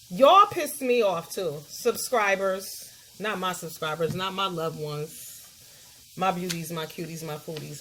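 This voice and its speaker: A woman's voice: medium pitch, fairly bright tone. A middle-aged woman, ranting bluntly and profanely as a commentary vlogger, talking straight to her viewers.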